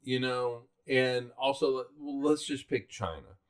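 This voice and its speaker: A middle-aged man from South Carolina co-hosts a podcast, chatting casually and rambling with plenty of fillers and restarts. His voice is mid-range and he talks a little slowly.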